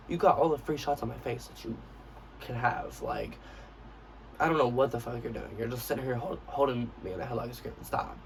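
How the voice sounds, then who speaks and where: Brash young man with gravelly voice. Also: mid-range voice, fairly quick, recorded from a distance, slight background noise, low-quality recording. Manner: brash, profane, acts out quotes of himself. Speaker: vlogger. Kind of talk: storytime vlog, casual profane retelling.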